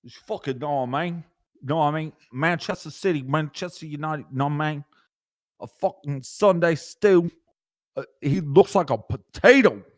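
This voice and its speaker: A man's voice: low-pitched, lively intonation, measured pace. A man putting on a brash, foul-mouthed British bloke, swearing and making rowdy threats as a comic podcast bit.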